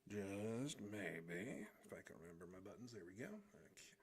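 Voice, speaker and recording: Gravelly, animated man, casual goofy streamer talk. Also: low voice, racing, a little hiss or hum. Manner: goofy, rambling, hums while drawing. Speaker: streamer and artist. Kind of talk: casual live drawing stream. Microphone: desk microphone.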